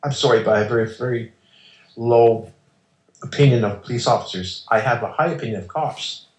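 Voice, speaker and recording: A man's voice: mid-range voice, a little fast. A man as an interview guest, telling a personal story in an emphatic, insistent way and acting out the exchanges. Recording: roomy echo.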